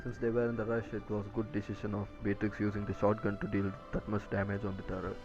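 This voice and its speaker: A man co-casting a live mobile game tournament, giving steady, measured analysis of the plays. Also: lowish voice, dull audio, over music. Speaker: esports co-caster.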